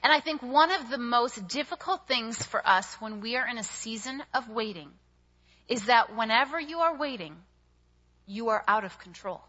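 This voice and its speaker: A young woman giving a sermon, telling a personal story in an animated, chatty way with many fillers. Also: fairly high pitch, moderate pace. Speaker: speaker at a church service. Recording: dull audio with long hall reverb.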